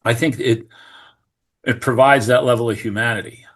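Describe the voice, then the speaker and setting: A middle-aged man tells a story in earnest, animated conversation, his pitch sitting in the ordinary middle for a man. He acts out the remarks of others as he goes and often restarts his sentences. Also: moderate pace, slightly rough. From New Jersey. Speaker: retired fire captain, podcast guest.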